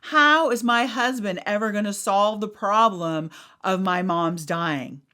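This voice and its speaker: A middle-aged woman hosts a podcast in casual talk, her voice medium in pitch, pushed and bright, at a measured pace. She speaks frankly and animatedly, swears freely, and acts out what other people say.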